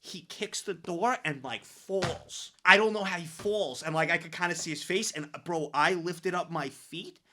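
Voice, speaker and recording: A young man streaming, reacting to clips and telling stories in loose, excitable slang. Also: on the high side, moderate pace, few pauses.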